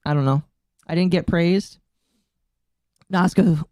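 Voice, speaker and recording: A woman's voice: lowish voice, normal speed, no room sound. Giggly coughing woman streamer, dry sound. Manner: giggly, rambling, talks to chat. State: coughing, throat catching. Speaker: streamer reacting to a video. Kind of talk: casual live-stream chat. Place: home streaming setup.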